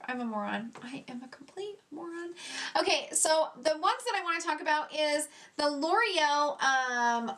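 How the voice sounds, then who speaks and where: A high-pitched woman chatting through a casual makeup review. She gushes over what she loves, drops casual curses and laughs at herself when things go wrong. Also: fairly bright tone. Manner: chatty, gushing, swears casually, self-mocking. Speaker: beauty vlogger. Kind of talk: casual product review chat.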